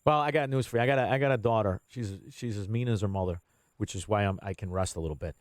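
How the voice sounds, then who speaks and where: A man's voice: on the low side, fast talker, no echo. A man hosting a political talk radio show, blunt and combative, swearing freely.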